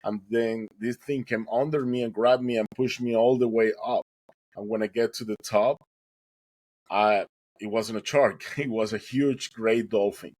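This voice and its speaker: A man's voice: lowish voice, fairly even intonation, moderate pace, darkish tone, no echo, poor audio. A man guest on a podcast, earnestly telling a dramatic personal story and acting out what people said. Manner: earnest, dramatic retelling with acted quotes.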